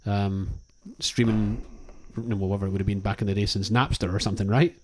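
A man's voice: lowish voice, fairly even intonation, fairly quick, slight background noise. A man co-hosting a podcast in casual chat, rambling with restarts and laughing often. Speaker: podcast co-host.

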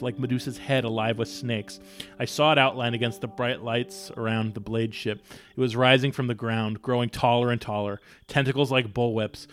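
Laid back guy cohost, plain middle voice, reads bits of the book aloud, faint music under. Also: mid-range voice. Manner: agreeable, dry, reads passages in first person. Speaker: podcast co-host. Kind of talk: casual book discussion and reading aloud.

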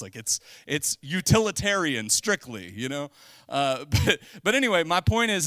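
Male pastor, middle-aged, bright forceful tone, dry close sound, casual sermon with jokes and sudden emphatic rises. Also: a little high, dry recording. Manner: conversational, joking, with bursts of emphasis. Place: church sanctuary.

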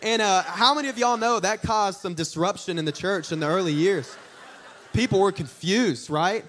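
A young man preaching a sermon, telling stories in an animated, joking way with asides to the congregation. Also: sits high, moderate pace, a little hiss or hum. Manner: animated, jokey storytelling with audience asides. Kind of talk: storytelling sermon.

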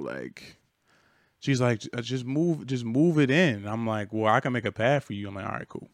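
A man's voice: mid-range voice, big pitch swings, moderate pace, no room sound, studio quality. A young man casually telling a long work story on a podcast, laid-back and slangy with plenty of swearing. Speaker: podcast co-host.

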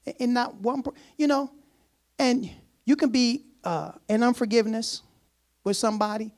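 A man preaching a sermon in a casual, conversational way, repeating phrases and chuckling softly. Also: extremely high pitch, steady tone, normal speed.

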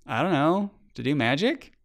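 A man reading a storybook aloud, voicing a young girl who sounds unsure and earnest, with a gravelly edge. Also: on the high side, big pitch swings, normal speed, pitched above the performer's own voice.

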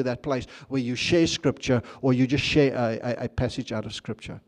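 A man's voice: mid-range voice, fairly quick, hardly any pauses, darkish tone. A man preaching a sermon in a conversational way, with frequent restarts and questions to the congregation. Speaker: pastor.

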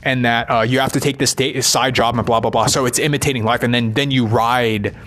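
A man talks through his ideas about movies in a loose, rambling monologue. His pitch sits right in the middle for a man. He swears freely and keeps tagging his thoughts with a quick "right?". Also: steady tone, a bit bright. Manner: rambling, profane, constant "right?" tags.

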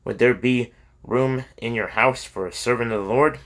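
A man's voice: mid-range voice, moderate pace, lightly acted. Man as an earnest traveling preacher. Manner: earnest, gently joking.

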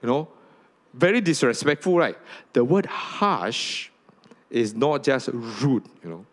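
A man preaching a sermon to a congregation, often asking "okay?" and "right?", and rising high when he reads scripture aloud. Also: lively intonation, slow pace. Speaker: pastor.

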